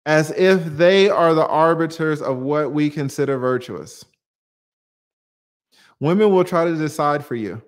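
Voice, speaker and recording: Male stream host, high pitched, punchy rhetorical delivery, reads and answers chat. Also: unhurried. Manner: emphatic, rhetorical questions, casual swearing. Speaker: channel host answering viewer comments. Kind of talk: livestream commentary.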